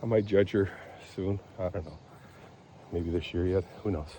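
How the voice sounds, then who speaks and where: An older man from Michigan rambling in a casual vlog while walking around his property outdoors, often clearing his throat and drifting into asides. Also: low-pitched, steady tone, normal speed, warm tone, slight background noise. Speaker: vlogger.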